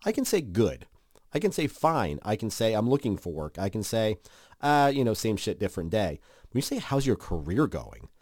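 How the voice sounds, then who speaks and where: A man co-hosting a casual chat podcast, animated and acting out quoted lines. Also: normal speed, no room sound, studio quality. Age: adult. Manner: animated, acts out quotes with big pitch jumps. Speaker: podcast co-host.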